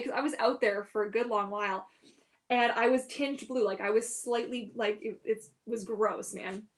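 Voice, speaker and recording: A woman's voice: a little high, steady tone, moderate pace. A woman hosting a casual live Q&A as a mermaid performer, chatty and giggly, with lots of "like" and "um". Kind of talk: casual livestream Q&A.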